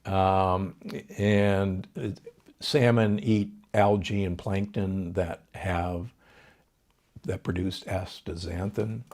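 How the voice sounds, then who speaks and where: An older male doctor, appearing as a guest on a podcast interview, explains health advice with authority, citing numbers and often restarting his sentences. His voice is low, steady, slow, and darkish in tone.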